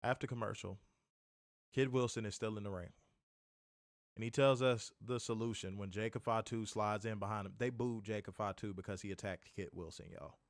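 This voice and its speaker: A man's voice: lowish voice, steady tone, normal speed, no room sound. Ranting, profane man on a dry mic. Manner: exasperated, ranting, profane, repeats himself for emphasis. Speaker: wrestling review podcast co-host. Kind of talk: casual chat.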